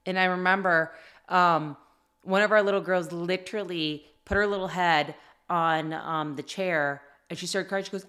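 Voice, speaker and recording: A woman's voice: lowish voice, fairly even intonation, moderate pace, a bit bright. A middle-aged woman in casual podcast chat, telling heartfelt family stories in an earnest way. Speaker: podcast co-host.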